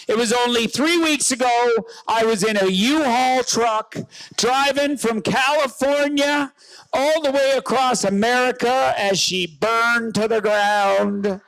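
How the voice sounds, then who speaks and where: A comedian from rural Newfoundland doing loud, joking stand-up banter at an outdoor rally, often shouting to the crowd. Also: male voice, very high-pitched, low-quality recording.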